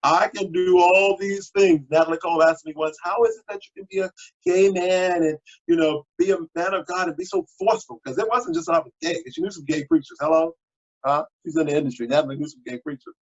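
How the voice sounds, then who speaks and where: Pastor, male, lively high-pitched voice, husky, dull lo-fi home recording. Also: a little fast. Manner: animated and exhortative, with sudden high exclamations. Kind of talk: sermon.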